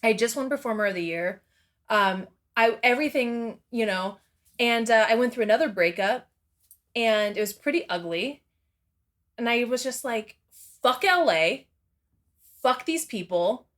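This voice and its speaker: A woman's voice: fairly high pitch, normal speed, fairly bright tone. A woman speaking as a guest in a casual interview, rambling and candid, swearing freely and laughing often between her thoughts.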